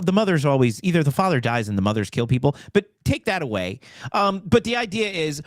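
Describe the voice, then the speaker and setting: A man hosting a political talk show, ranting with halting restarts. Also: high-pitched, no echo. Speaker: host. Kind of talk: opinionated political chat show.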